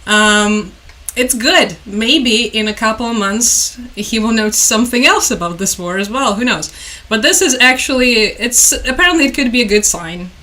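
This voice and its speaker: A woman's voice: on the high side, expressive, normal speed, hardly any pauses, pushed and bright. A woman from Ukraine, giving chatty, sarcastic news commentary on a vlog. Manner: chatty, sarcastic, laughs often.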